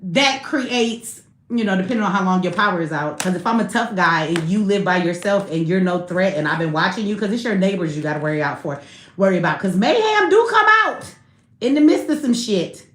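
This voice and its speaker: A woman in her thirties chats on a live stream in loose, profane slang, laughing freely as she talks. Her voice sits at an ordinary middle pitch. The room around her gives a noticeable echo. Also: animated, fairly quick. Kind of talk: casual live stream chat.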